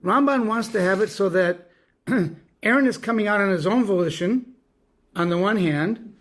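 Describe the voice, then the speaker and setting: A man taking part in an online study class, reading translations aloud and commenting in a measured way. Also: high voice. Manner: measured, reads quotes slowly. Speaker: class participant. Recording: video call audio.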